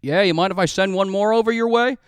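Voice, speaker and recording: A man's voice: high voice, clear, resonant tone, no echo, studio quality, voice pushed up, lightly acted. A man putting on a jovial folksy dad. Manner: loud, jovial, drawn-out folksy phone greeting. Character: cheery folksy middle-aged dad on the phone.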